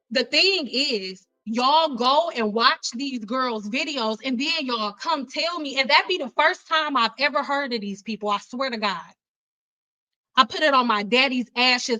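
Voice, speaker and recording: A YouTuber and spiritual coach delivers a heated livestream monologue, intense and emphatic, repeating herself. Her voice is on the high side with a sharp tone, and the audio is poor.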